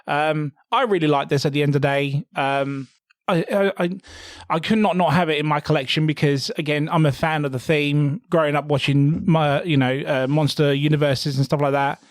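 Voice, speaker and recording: A man's voice: fairly high pitch, fairly even intonation, moderate pace, no echo, studio quality. A man guesting on a board game podcast, chatting with friendly enthusiasm. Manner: enthusiastic, friendly, says sir and mate. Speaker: guest co-host. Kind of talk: casual chat.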